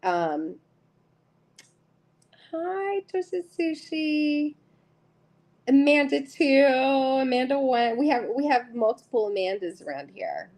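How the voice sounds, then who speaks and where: A woman's voice: sits high, sing-song, slow pace, pauses often, a little mellow, poor audio. A middle-aged woman hosting a live tarot stream, chatting casually and giggling as she greets viewers by name.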